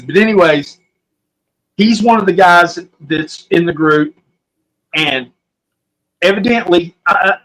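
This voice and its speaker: A man's voice: high-pitched, a bit bright, poor audio. Folksy Oklahoman man telling a story. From Southwest Oklahoma. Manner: rambling, folksy, with restarts. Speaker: podcast guest. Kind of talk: casual storytelling.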